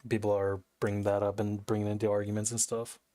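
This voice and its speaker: A man's voice: fairly low pitch, monotone, quick pace, dark tone, no room sound, studio quality. A young man chatting casually as a game streamer, rambling, cursing and interrupting himself. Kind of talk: casual chat while streaming. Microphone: desk mic.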